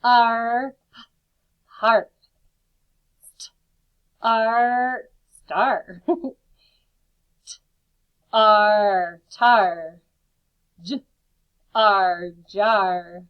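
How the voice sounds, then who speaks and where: A woman teacher giving a phonics lesson to young children from home, sounding out each word slowly and clearly. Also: mid-range voice, fairly even intonation, highs cut off.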